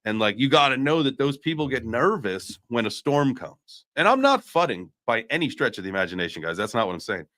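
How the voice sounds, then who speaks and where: A man's voice: mid-range voice, very animated, brisk, hardly any pauses, sharp tone. A man hosting a casual live-stream chat, hyping up his audience and joking around while swearing freely. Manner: hype, playful, swears casually. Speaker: host.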